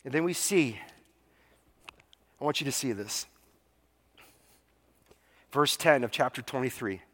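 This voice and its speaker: A man preaching a sermon in a casual, animated way, acting out the scenes he retells. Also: medium pitch, measured pace, in a large hall. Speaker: pastor.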